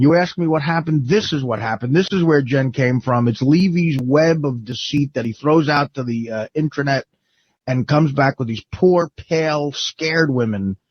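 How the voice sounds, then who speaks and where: A man's voice: medium pitch, no echo. A man on a radio show delivering a profane, mocking comedic rant full of rambling lists, on a dull lo-fi radio recording.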